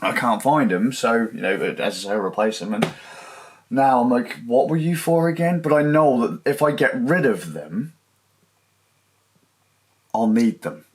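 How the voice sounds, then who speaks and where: A man's voice: mid-range voice, expressive, unhurried, pauses often. A man rambling casually and swearing as he laughs at himself over lost gear at home. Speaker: livestreamer.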